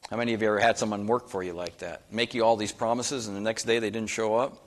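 A man's voice: fairly low pitch, fairly even intonation, fast talker. Folksy middle-aged man preaching a sermon. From North Dakota. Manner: conversational, folksy, rising to emphatic questions. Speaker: pastor.

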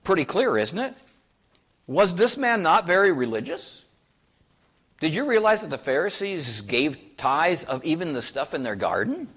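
Folksy preacher man with lively pitch. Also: moderate pace, slightly rough. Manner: folksy, conversational preaching with rhetorical questions. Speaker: pastor. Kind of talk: sermon.

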